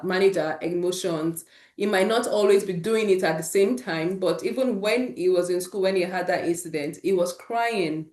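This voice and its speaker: A woman's voice: on the low side, darkish tone, roomy sound. A woman hosting an informal talk for parents, speaking earnestly and encouragingly and weaving in personal stories. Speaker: host of a parent support session.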